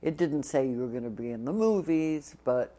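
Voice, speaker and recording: A woman's voice: very deep voice, expressive, normal speed, dark tone. A woman telling a story about herself and acting out the other people's lines. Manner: acts out the other voices in her tale. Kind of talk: anecdotal storytelling.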